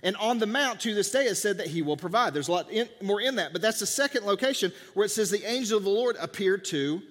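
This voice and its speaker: A man's voice: sits high, lively intonation, fast, fairly bright tone, in a large hall. A man preaching a sermon in a church, talking conversationally and acting out the dialogue of biblical scenes. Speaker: pastor. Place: church sanctuary.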